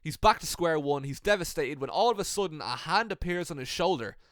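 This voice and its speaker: High-voiced man telling a playful story. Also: lively intonation, a bit bright, dry recording, clean studio sound. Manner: playful, swears freely, recounts scenes with quick asides. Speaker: wrestling fan video creator. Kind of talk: casual storytelling commentary.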